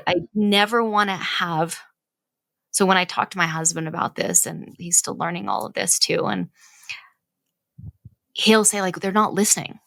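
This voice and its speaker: This woman in her thirties, a mother and podcast co-host, talks through parenting ideas in an earnest, conversational way, frequently asking "right?". Her fairly low, creaky voice has a fairly bright tone, and there's no room sound.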